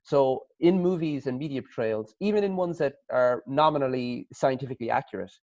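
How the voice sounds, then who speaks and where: A man's voice: mid-range voice, a little fast, darkish tone, no echo. A man with an Irish accent, a panelist asking thoughtful, rambling questions with restarts in a casual video-call conversation. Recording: dry, muffled lo-fi call audio.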